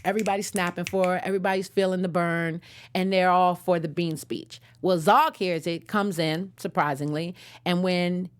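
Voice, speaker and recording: A woman's voice: on the low side, steady tone, moderate pace, smooth. A young adult woman hosting a casual episode recap, slangy and digressive, laughing at her own jokes. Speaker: show host.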